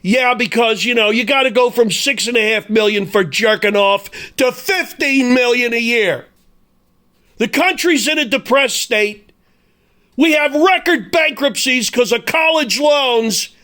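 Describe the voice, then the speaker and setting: Male sports ranter, high-pitched voice, heated, sarcastic and foul-mouthed. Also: measured pace, bright, forceful tone. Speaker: sports commentator. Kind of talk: angry ranting commentary.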